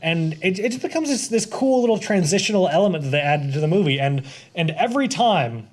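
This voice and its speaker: A man's voice: high-pitched, expressive, a little fast. Rambling man with a raised voice. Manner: rambling, lots of fillers like "like". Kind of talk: casual movie discussion.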